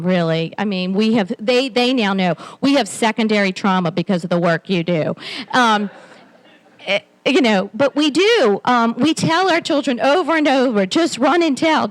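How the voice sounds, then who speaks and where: Captured in poor audio, a keynote speaker with a slightly high voice, a woman in her forties, talks candidly and self-deprecatingly in a conference hall, with frequent restarts.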